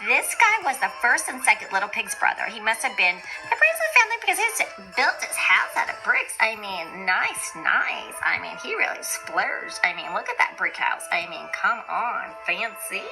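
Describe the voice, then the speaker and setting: A woman's voice: fairly high pitch, poor audio. Woman voicing a big bad wolf, storybook narration, self-pitying, rambling asides, music behind. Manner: rambling asides, defensive and aggrieved. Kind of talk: storybook reading for kids. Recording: music playing underneath.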